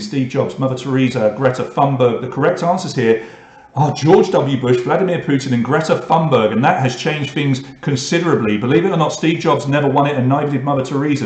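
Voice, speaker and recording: Chatty British quiz host, echoey room. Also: male voice, medium pitch, darkish tone. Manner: chatty, reads questions and scores with asides. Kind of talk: online pub quiz hosting.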